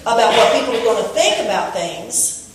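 A woman preaching a sermon in church, telling a story and rising to shouts on key points. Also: on the high side, animated, moderate pace, noisy background. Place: church sanctuary. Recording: echoey room from far off.

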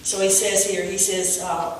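A woman preaching a sermon in church, telling a story and rising to shouts on key points. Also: medium pitch, little pitch movement, normal speed, slight background noise. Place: church sanctuary. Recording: echoey room from far off.

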